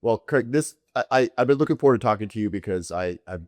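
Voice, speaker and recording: A middle-aged man hosting a casual interview, asking quick, halting questions full of restarts. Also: fairly low pitch, lively intonation, a little mellow, no room sound. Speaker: host.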